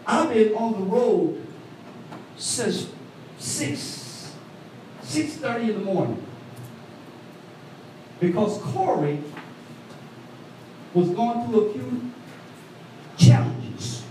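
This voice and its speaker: A man preaching an animated call-and-response sermon, recorded from a distance in a church. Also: drawn-out words, long pauses, slight background noise. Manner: animated call-and-response preaching, voice swooping high for quoted women. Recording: echoey hall, mic from afar.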